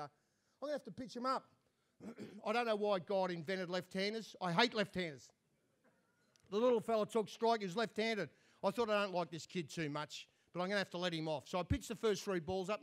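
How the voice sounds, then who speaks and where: An Australian man telling comic stories as an after-dinner speaker, dry and self-mocking. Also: sits high.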